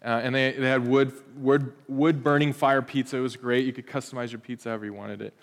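A man in his thirties, a pastor preaching a sermon, telling stories in an animated, playful way with asides to the congregation. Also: medium pitch, fast talker, in a large hall.

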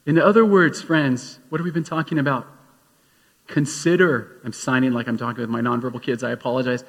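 A man's voice: mid-range voice, normal speed. A man preaching a sermon as pastor, telling a story and then urging his listeners with rising emphasis. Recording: long hall reverb.

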